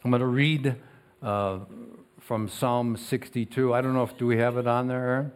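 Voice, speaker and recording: Preaching earnestly in a medium-pitched, clean voice with fairly even intonation, the pastor moves between booming emphasis and soft asides. He reads scripture slowly.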